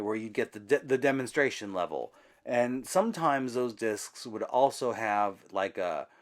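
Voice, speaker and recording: A man hosting his own channel, talking through a casual update in a rambling way, full of ums and self-corrections. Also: mid-range voice. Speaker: YouTube channel host.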